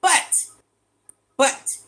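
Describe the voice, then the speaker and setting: A man, chatting casually on a livestream, animated and exasperated, firing off rhetorical questions and laughing often. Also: very slow. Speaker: livestream host reading chat.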